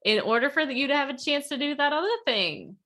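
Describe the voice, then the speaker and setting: A woman's voice: high-pitched, animated, quick pace, pushed and bright. A woman weight loss coach on a podcast, talking casually and earnestly over a video call, with many fillers. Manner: chatty, lots of "like", earnest.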